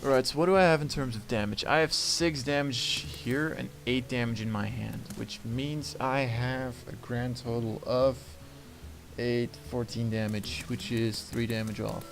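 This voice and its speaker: A man's voice: mid-range voice, fairly even intonation, unhurried, gravelly. A man giving casual commentary while playing a card game, thinking aloud about his moves and grumbling and swearing when things go wrong. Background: game music.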